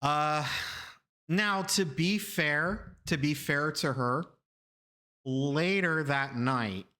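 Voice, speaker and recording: Animated rambling man with a bright voice. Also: drawn-out words. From Florida, USA. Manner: animated, rambling, repeats himself, laughs often; acts out the people in his stories with sudden high loud bursts. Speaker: streamer telling stories. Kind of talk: casual storytelling to a live chat.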